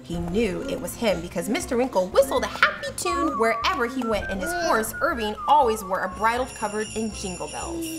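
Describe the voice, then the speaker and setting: A woman reading a children's story aloud in a playful, animated way, acting out sounds. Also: on the high side, a little fast, hardly any pauses. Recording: music under the voice.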